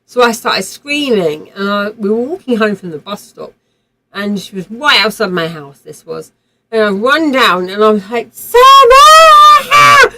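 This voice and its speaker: A woman's voice: mid-range voice, lively intonation, normal speed, noisy background. A woman, streaming a game while telling a vivid personal story in a rambling way, with swearing and frequent restarts. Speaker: livestream gamer.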